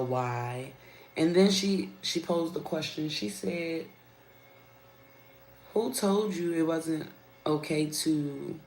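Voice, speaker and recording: A woman with a low voice talks candidly and unhurriedly to her live-stream viewers, calling them y'all. The sound is roomy and echoey, with a faint ambient hum underneath. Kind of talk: casual chat. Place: at her workplace.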